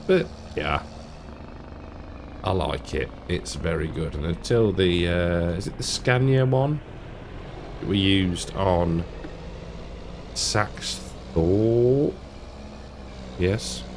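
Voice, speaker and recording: Playing a farming game, this English gaming channel host offers loose, chatty commentary and pokes fun at himself. He speaks in a low voice over a noisy background, using a desk mic and headphones.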